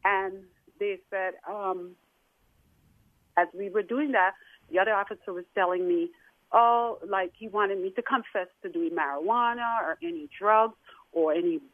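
A woman's voice: mid-range voice, dry recording. Emotional woman on a tinny phone line. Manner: emotional, halting. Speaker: guest caller. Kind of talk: telling a personal story.

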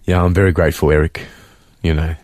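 A man speaking earnestly in a radio studio interview, halting with fillers as he gives a heartfelt testimony and reads a letter to his mother. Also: very deep voice, flat delivery, a little mellow, dry recording. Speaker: interview guest, son of the guest. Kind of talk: emotional testimony, reading a letter aloud.

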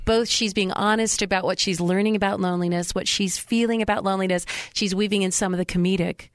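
This is a woman hosting a talk show who reacts briefly and asks follow-up questions. Her pitch is in the middle range, and the recording sounds dry and close. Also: steady tone, fast, no echo. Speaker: host. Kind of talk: interview.

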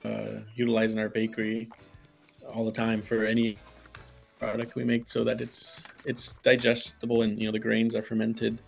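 A man's voice: lowish voice, completely flat delivery, normal speed, vocal fry, faint music behind. A man interviewed as a guest baker, explaining his craft earnestly with many hesitations and restarts. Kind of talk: studio interview. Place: radio studio.

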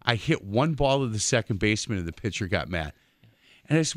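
A man, hosting a casual sports talk radio show and telling lively stories. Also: lowish voice, a little fast, no echo. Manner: chatty storyteller, acts out quotes.

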